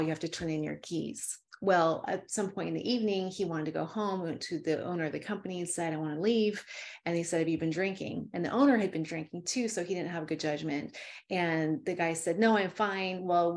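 Female interview guest, lower register, emotional storyteller who acts out every exchange. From California. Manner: animated, fervent storyteller with many asides.

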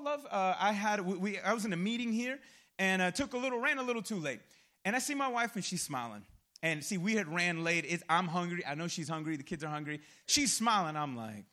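A male pastor with a high, fairly bright voice preaches a sermon in a casual, conversational way, packed with slang and personal stories as he acts out his own reactions.

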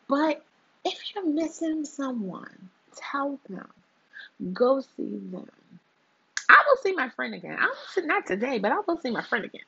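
Gravelly, husky woman hosting her show. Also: mid-range voice, fairly bright tone, lo-fi sound. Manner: emphatic, repeats phrases for effect. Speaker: host of her own morning show. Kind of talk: casual to-camera monologue.

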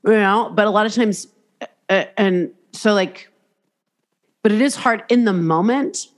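Woman podcast host chatting, candid and sweary, animated, acts out little voices. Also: medium pitch, measured pace. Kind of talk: casual chat.

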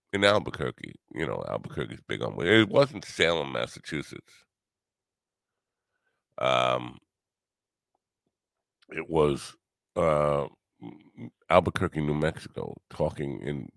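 A man's voice: extremely low pitch, creaky, fairly bright tone, no room sound, studio quality. A tired man, rambling through a wisecracking, sarcastic solo podcast monologue as its host. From New York.

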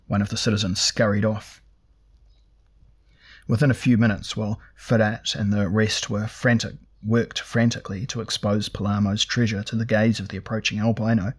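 Male audiobook narrator, low voice, flat, measured delivery. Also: slightly rough. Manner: measured, even storytelling. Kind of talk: scripted fantasy narration.

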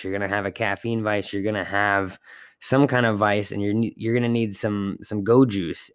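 A man with a fairly low voice hosts a podcast on his own, rambling casually from home. He drops fillers and the occasional curse. The sound is dry and close, with no room echo. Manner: rambling, conversational, with fillers and mild swearing. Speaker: podcast host. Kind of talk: casual solo podcast monologue. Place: apartment.

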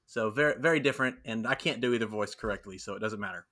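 A man's voice: fairly low pitch, fast talker, pushed and bright. A man hosting a casual podcast, chatty and self-deprecating, often laughing. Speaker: podcast host.

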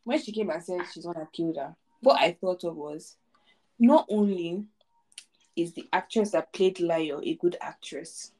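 A woman's voice: on the low side, normal speed, warm tone. Woman podcast co-host, emphatic and repetitive, casual movie review chat. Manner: emphatic, repeats herself for effect.

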